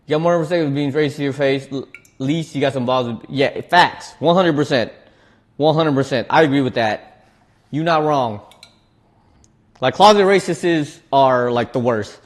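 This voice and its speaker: A man's voice: medium pitch, normal speed. A man, chatting casually on a cooking livestream, laughing often and restarting his words as he reads chat. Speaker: streamer reading chat.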